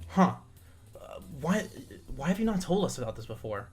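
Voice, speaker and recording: A man running a tabletop game as game master, narrating in a halting way, full of restarts. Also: fairly high pitch, very animated, music in the background. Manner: halting, with many fillers and restarts.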